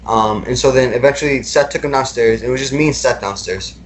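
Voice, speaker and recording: A man's voice: medium pitch, fairly quick, slight background noise. A young man recounting personal experiences as a podcast guest, talking casually with lots of fillers and repeated words.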